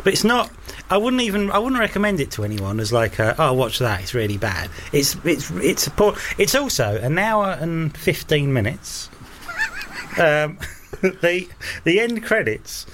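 A man's voice: fairly high pitch, sing-song, measured pace, fairly bright tone, slight background noise. A man co-hosting a casual podcast chat, easygoing and amused. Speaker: podcast co-host.

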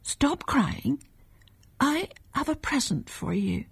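Lady doing a frail mum on her deathbed, breathy soft whisper, kinda high, slow and tender. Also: dry recording, full character voice. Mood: tender, weak. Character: dying gentle mother, weak and tender.

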